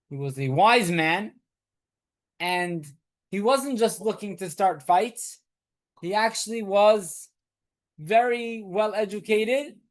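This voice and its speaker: Man rabbi teaching a weekly class. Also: high-pitched. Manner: explanatory, repeats key points, asks rhetorical questions; talks with the class, questions students. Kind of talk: Torah class lecture.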